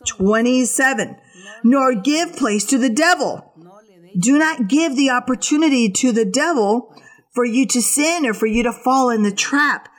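A woman preaching a sermon, giving earnest exhortations in short repeated commands. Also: on the high side.

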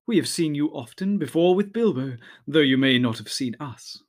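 A man voicing a band of immortal elves who speak in a slow, playful, teasing way. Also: a little high, animated. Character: group of teasing immortal elves, light and aloof.

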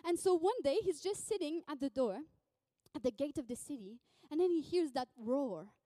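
High-voiced woman preaching animatedly. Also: normal speed, dry recording. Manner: animated, acts out voices, laughs often. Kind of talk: sermon storytelling.

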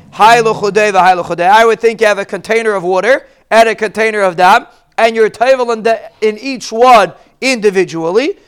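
A man's voice: high-pitched, a bit bright, clear, resonant tone. A man teaching a Talmud lesson, explaining each Hebrew phrase in plain English.

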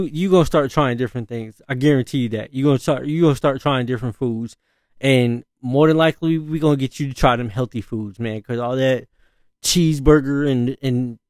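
A man's voice: medium pitch, darkish tone, dry recording, clean studio sound. A man in his thirties, a father, rambling through a casual story, full of fillers and slang. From northern US. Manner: laid-back, rambling, frequent fillers and slang, laughs often.

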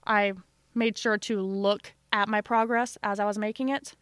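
A wry woman from a small town chats casually on a podcast, swearing offhandedly and acting out quotes in her stories. Her mid-pitched voice sounds dry and close to the mic. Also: fairly even intonation, normal speed, a bit bright, dry recording. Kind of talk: casual chat.

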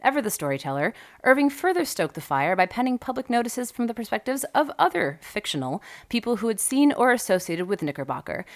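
A woman hosting a podcast, telling a history story in a lively, wry way with joking asides. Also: fairly high pitch, brisk, hardly any pauses. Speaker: podcast host.

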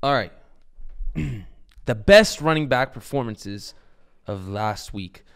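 Animated young man talking fantasy football. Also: medium pitch, slow, gravelly, clear, resonant tone. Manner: rambling, animated, swears casually. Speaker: podcast host. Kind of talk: casual fantasy football talk.

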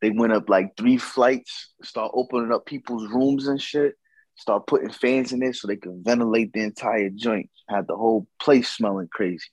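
A man's voice: lowish voice, normal speed, a little mellow, breathy edge, dry recording, rough recording. A man telling a casual story about a night out, slangy and profane, acting out what others said.

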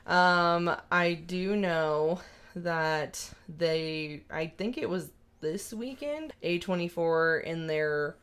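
A woman co-hosting a casual movie podcast, relaxed and quick to laugh. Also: fairly low pitch, clear, resonant tone. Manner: laid-back, laughs often. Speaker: podcast co-host. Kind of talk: casual chat.

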